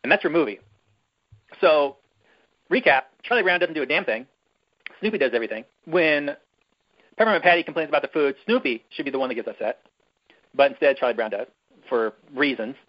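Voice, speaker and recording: A man's voice: a little high, lively intonation, a little fast, long pauses, lo-fi sound. A man hosting a podcast, recapping a movie in a rambling, chatty and irreverent way. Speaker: podcast host. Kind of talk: casual chat, movie recap.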